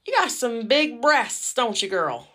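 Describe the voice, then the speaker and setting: A woman's voice: fairly high pitch, big pitch swings, measured pace, sharp tone, exaggerated voice. Woman voicing a blunt, scheming old lady patient in a told story. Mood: sly bossy. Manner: blunt, teasing threats. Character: feisty old grandmother patient, bossy and sly.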